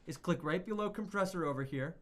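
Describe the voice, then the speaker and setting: Speaking fast in a fairly bright voice on the high side, a man rambles through a casual music production lesson. He's chatty throughout and regularly corrects what he's just said.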